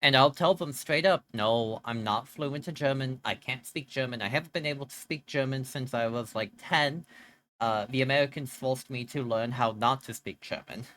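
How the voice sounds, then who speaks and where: A young woman livestreamer chatting casually with her viewers, greeting them in a bubbly, playful way with sudden jumps up in pitch. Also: normal speed, a bit bright.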